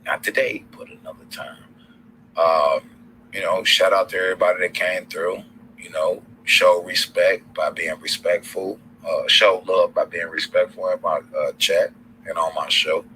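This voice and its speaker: A man's voice: deep voice, fairly even intonation, moderate pace, sharp tone, a little hiss or hum, poor audio. A man with a Southern accent hosting a casual livestream, rambling loosely in slang with lots of fillers and restarts. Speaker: livestream host.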